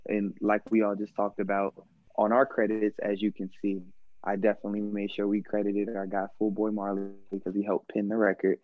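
A man's voice: lowish voice, completely flat delivery, brisk, dry recording, narrow, tinny audio. A man talking as a podcast guest, laid-back and rambling, with lots of filler words. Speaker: guest, music artist. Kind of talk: casual chat.

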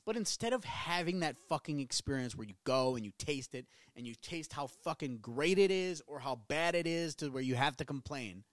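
A man's voice: medium pitch, no echo. Podcast host, thirties, male, mid-range voice, profane and rambly, self-mocking, dead-dry room. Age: 30s. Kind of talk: casual solo podcast rant. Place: small home studio.

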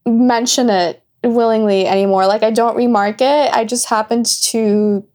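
A woman in her twenties co-hosting a casual podcast, telling a story with giggly, quick asides. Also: a little high, steady tone, a little mellow. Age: 20s. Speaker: podcast co-host.

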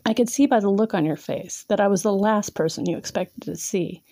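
Woman reading sexy second-person story, bossy and teasing, dark gravelly voice, dry close mic. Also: medium pitch, brisk, dry recording. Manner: teasing, domineering, sometimes whispered. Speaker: erotic audio narrator.

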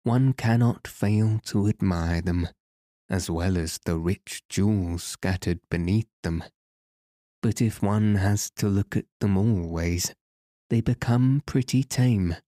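A man voicing a calm gnome king in a storybook, explaining in a measured way. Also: on the low side, no room sound, clean studio sound.

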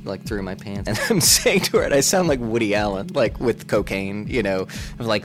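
Animated man telling a story. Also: moderate pace, soft background music. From Boston. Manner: animated, acts out quoted voices in falsetto. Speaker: public radio reporter. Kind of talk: storytelling anecdote.

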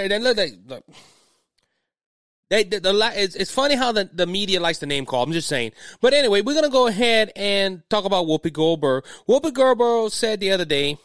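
A man's voice: sits high, a bit bright, no echo, studio quality. A middle-aged man with a Cajun accent hosting a political podcast, talking in an agitated, rambling way and often repeating words. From Louisiana. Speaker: podcast host.

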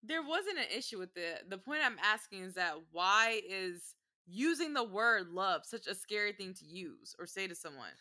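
A woman's voice: mid-range voice, sing-song, normal speed, sharp tone. A young woman in a casual couple's debate, pressing her partner with pointed questions.

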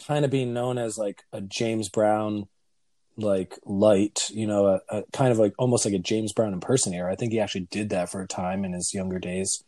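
A man co-hosting a casual music chat, thoughtfully telling a musician's backstory with halting fillers. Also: lowish voice, mellow, dry recording. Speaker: podcast co-host.

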